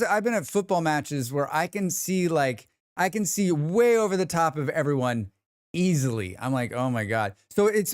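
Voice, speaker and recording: An American man chats on a live stream in a rambling, easygoing way, answering his chat as he goes. His voice sits a little high and swings widely in pitch, dry and close to the mic. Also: smooth, no room sound. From United States. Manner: rambling, chatty, reads chat aloud.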